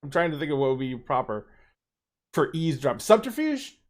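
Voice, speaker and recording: A man running a tabletop role-playing game, relaxed and hesitant as he works out the rules aloud. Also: a little high, fairly quick. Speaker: storyteller.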